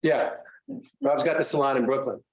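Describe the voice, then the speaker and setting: A man, a guest author, telling animated, self-mocking stories casually to a class. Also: mid-range voice, moderate pace, breathy edge.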